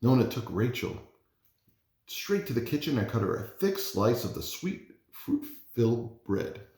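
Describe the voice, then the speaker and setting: A man, a parent, reading a children's storybook aloud in an expressive, animated way. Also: medium pitch, a little slow. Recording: roomy echo.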